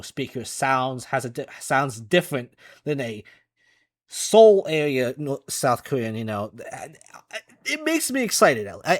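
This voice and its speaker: A man's voice: mid-range voice, no echo. Male gaming reactor, casual and rambling, dry untreated room sound. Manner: rambling, many restarts and "you know".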